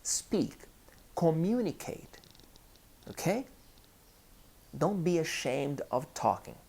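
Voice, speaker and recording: A Brazilian man, a native Portuguese speaker, teaching an online English lesson with a Brazilian Portuguese accent, speaking deliberately and repeating key phrases. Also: a little high, very animated, gravelly, a little mellow, slightly rough.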